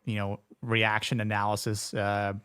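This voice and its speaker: Halting male podcast host, dry close sound. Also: lowish voice, monotone, sharp tone, smooth, no echo. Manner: hesitant, many fillers and restarts. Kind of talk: casual discussion.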